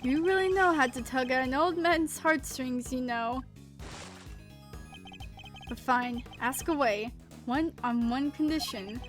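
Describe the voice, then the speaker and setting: A woman's voice: sits high, slow pace, long pauses, soft background music. A woman voicing a pompous older man in a courtroom, condescending and calling others "dear boy". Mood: grudging. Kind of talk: reading game dialogue aloud.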